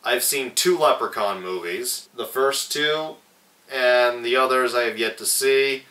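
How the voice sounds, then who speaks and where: Slow, rambling young man reviewing a movie. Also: mid-range voice, sharp tone. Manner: slow, rambling and profane, with lots of restarts. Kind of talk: casual movie review vlog. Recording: echoey room, mic at a distance.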